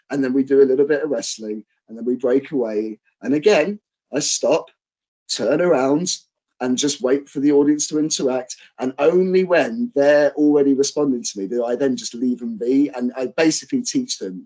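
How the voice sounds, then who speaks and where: A man's voice: medium pitch, moderate pace, poor audio. Chatty male wrestler telling stories. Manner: animated, acts out quotes, fillers and restarts. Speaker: guest, professional wrestler and trainer. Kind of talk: casual interview storytelling.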